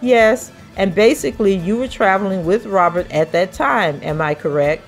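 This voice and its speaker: A woman's voice: medium pitch, expressive, normal speed, soft background music. Woman reading courtroom questions aloud. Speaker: podcast host reading court testimony. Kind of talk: reading a trial transcript aloud.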